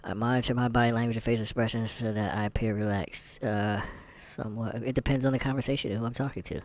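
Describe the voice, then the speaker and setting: A man's voice: mid-range voice, steady tone, fast, darkish tone. A man vlogging candid commentary while taking a test, rambling, sarcastic and muttering asides to himself.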